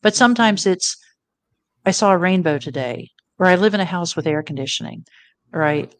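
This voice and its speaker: A woman's voice: lowish voice, animated, a little fast. A middle-aged woman telling a personal story as an interview guest, earnest and reflective. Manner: earnest, reflective, quotes her own thoughts.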